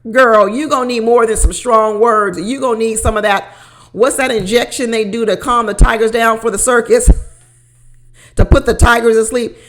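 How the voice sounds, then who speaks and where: A woman giving casual reality TV recap commentary, animated and gossipy, laughing between lines and repeating herself for emphasis. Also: on the high side, moderate pace, slight background noise. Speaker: reality show recap vlogger.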